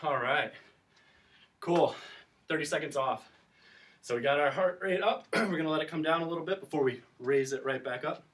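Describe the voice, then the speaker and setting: Male teacher, somewhat high voice, kid-friendly workout instructor, slightly out of breath, distant mic. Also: moderate pace, long pauses, a bit bright. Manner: encouraging, counts down reps, explains as he exercises. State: breathing heavier from exercise. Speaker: teacher leading a class workout. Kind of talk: instructional exercise video.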